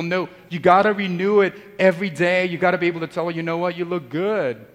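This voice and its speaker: Priest guy giving a homily, kinda high voice, chatty and jokey, big echoey church. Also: fairly even intonation, a little fast, hardly any pauses, a bit bright. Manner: conversational, joking with the congregation. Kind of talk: sermon. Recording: long church reverb.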